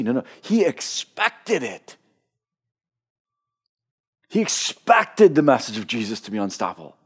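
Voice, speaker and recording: A man's voice: medium pitch, husky. A man preaching a sermon with passion, often repeating words as he starts a thought. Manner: impassioned, repeats words when starting phrases. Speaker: pastor.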